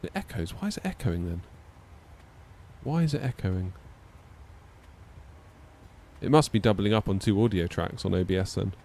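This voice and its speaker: Low-voiced man streaming casually. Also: expressive, normal speed, creaky, pauses often, darkish tone, a little hiss or hum. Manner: rambling, hesitant, lots of fillers and self-deprecating laughs. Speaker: flight sim streamer. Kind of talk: casual live-stream chat.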